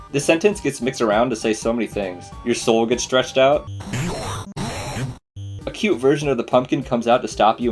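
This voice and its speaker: A man in an average pitch delivers a casual, enthusiastic voice-over review of video games. He swears freely and talks like a fan. Soft guitar music plays quietly behind him. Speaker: video essay host. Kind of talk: casual game commentary voice-over.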